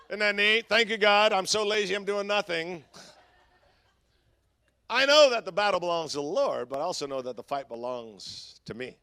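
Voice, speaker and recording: A high, forceful male voice preaches a sermon with a gravelly edge, dropping from loud shouts to hushed asides in a chatty, filler-laden way. The sound is dry and close, with no room around it. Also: animated, moderate pace, no room sound. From Southern California. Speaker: pastor.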